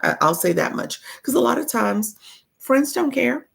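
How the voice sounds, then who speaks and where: A woman's voice: fairly high pitch, big pitch swings, normal speed, creaky, slightly rough. A woman coaching creators on a casual livestream, chatty and greeting her viewers as friends while reading their comments.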